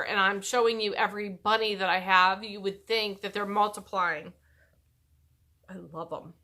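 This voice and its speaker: Her voice is medium-pitched and sharp as this middle-aged YouTuber chats to camera. She rambles, frequently interrupting herself to begin sentences over.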